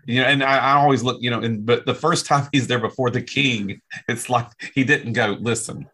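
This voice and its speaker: A man's voice: mid-range voice, a little fast, breathy edge. A man who travels as an evangelist, telling stories in a casual way and acting out the dialogue. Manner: animated anecdotes, acts out dialogue. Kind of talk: casual storytelling chat.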